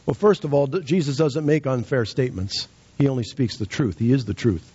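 A man's voice: medium pitch, a little fast, mellow, husky, muffled recording. A man preaching a sermon with emphatic, rising and falling delivery.

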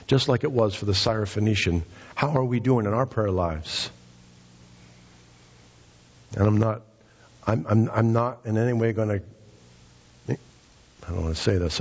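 A middle-aged man preaching a fervent sermon, his voice climbing to high, emphatic peaks. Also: breathy edge, dull audio. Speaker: pastor.

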